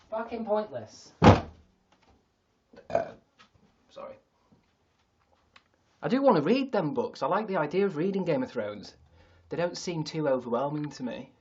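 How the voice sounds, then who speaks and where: A man's voice: on the high side, dull audio. A man with a Yorkshire accent, rambling and self-mocking on a casual livestream from an attic, with some swearing. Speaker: livestream host. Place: sister's attic.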